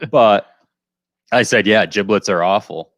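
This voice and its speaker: A man with a very low voice chats casually as a podcast co-host, spinning rambling anecdotes and dry puns. The sound is close and dead, with no room around it. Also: unhurried, fairly bright tone, no echo, muffled recording. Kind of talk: casual chat.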